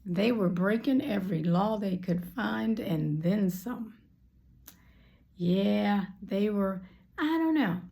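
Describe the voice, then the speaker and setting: Slow gravelly woman telling a testimony. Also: mid-range voice, lively intonation, warm tone. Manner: storytelling, drops to whispers at emotional moments. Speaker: preacher. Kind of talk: personal testimony sermon.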